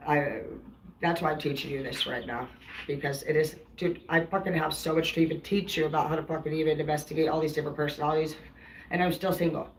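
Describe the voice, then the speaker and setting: A woman's voice: low-pitched, fairly even intonation, quick pace, rough recording. A woman tarot reader talking casually to her live-stream viewers in a blunt, rambling, heavily profane way.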